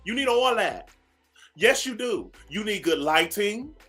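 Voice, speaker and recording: Soft music plays under a man hosting a morning radio show, his high, sharp voice swinging widely in pitch as he takes his time. He rants sassily and preachily at listeners, calls them "baby," and repeats phrases for emphasis.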